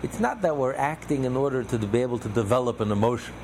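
A man's voice: mid-range voice, expressive, fast talker, noisy background. A man teaching a religious text class, explaining a passage with repeated, list-like phrases. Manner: repetitive, builds through lists of phrases. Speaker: Torah teacher.

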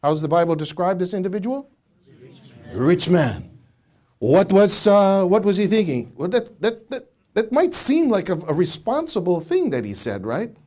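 A man's voice: high voice, big pitch swings, normal speed, mellow. A middle-aged man teaching from the Bible to a studio audience, asking questions and restarting his words often. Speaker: preacher.

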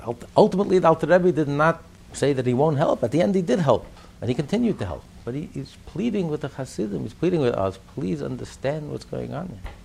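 A Torah teacher leads a religious text class emphatically, repeating his points and asking rhetorical questions. His voice is on the high side, very animated and fast, with vocal fry and a slightly mellow, husky quality.

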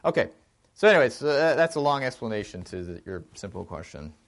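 A man leading an informal film discussion, animated and thinking aloud with frequent restarts. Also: medium pitch, fairly quick.

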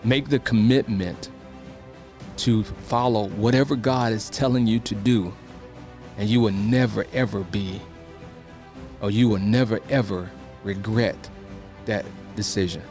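A man's voice: on the low side, steady tone, a little slow, pauses often, darkish tone, soft background music. A man, a minister, telling his own story in a sermon and encouraging his listeners. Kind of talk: testimony sermon.

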